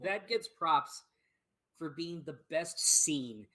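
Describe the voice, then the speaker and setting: A woman's voice: low voice, lively intonation, takes it slowly, sharp tone, rough recording. A woman co-hosting a gaming podcast, retelling a game scene in casual chat, swearing freely and laughing as she goes. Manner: swears often, laughs while telling. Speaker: podcast co-host.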